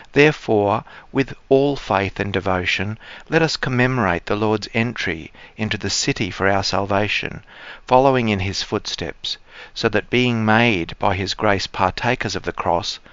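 A man leading liturgical prayers and reading the Gospel aloud as a priest, in a solemn, measured way. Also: on the low side, fairly bright tone, smooth, no echo, muffled recording.

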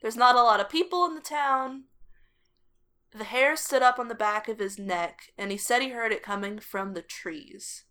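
A woman co-hosting a podcast, telling a story in casual chat, animated and laughing often. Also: on the high side, moderate pace. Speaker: podcast co-host.

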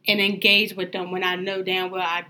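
A woman's voice: fairly low pitch, level tone, moderate pace, pushed and bright. A woman co-hosting a podcast, talking candidly and with frustration in a casual chat. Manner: candid, frustrated venting, laid back. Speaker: podcast co-host.

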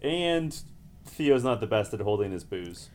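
A man's voice: fairly low pitch, very animated, unhurried, darkish tone. A man co-hosting a podcast in casual chat, thoughtful and hedging. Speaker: podcast co-host. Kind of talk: casual chat recapping a reality show.

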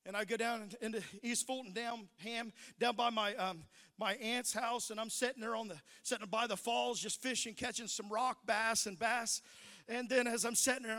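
A middle-aged man preaching a sermon, telling stories that build into shouted preaching. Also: very high-pitched, moderate pace, in a large hall. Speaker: pastor.

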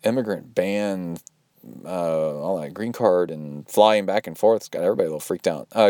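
A man whose voice sits low and dark speaks at a moderate pace, recorded dry at studio quality. In casual chat, the triathlon coach and podcast host reads out donations from listeners. His style is upbeat and wandering, heavy on fillers, with mock watch beeps thrown in.

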